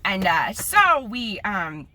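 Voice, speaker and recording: A woman's voice: medium pitch, big pitch swings, takes it slowly, pushed and bright. A young woman in her twenties venting on a vlog, angry and profane while holding back tears. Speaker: vlogger. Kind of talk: emotional vlog rant.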